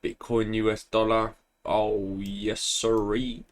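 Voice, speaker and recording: Young man, fairly low voice, laid-back chart commentary with self-praise and filler words. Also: slow. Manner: relaxed, chatty, self-congratulating, many ums and throat clearing. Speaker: forex trader. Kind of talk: casual screen-share market commentary.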